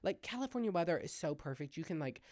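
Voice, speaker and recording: A man's voice: fast, no echo, clean studio sound. Chatty young Southern man with a twang. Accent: Southern US, Louisiana twang. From Louisiana. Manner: chatty, gossipy, self-deprecating, lively swings in pitch and loudness. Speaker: comedian podcast host. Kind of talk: casual solo podcast chat. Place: home-made podcast set with hung backdrop.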